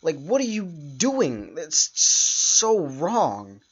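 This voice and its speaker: A man hosting his own podcast, ranting in a frustrated, halting way with sighs and restarts. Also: fairly high pitch, huge pitch swings, husky, highs cut off. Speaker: podcast host. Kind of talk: solo podcast rant.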